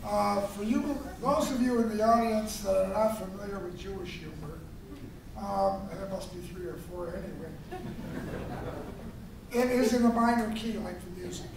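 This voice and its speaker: An older man tells jokes to a live audience in a relaxed, chatty way, stopping now and then to find his words. His voice sits rather high for a man. He is picked up from well back across a hall that echoes heavily. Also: gravelly. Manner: unhurried, chatty joke delivery with hesitations. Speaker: storyteller telling jokes. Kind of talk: live joke telling to an audience. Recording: echoey room from far off, faint noise.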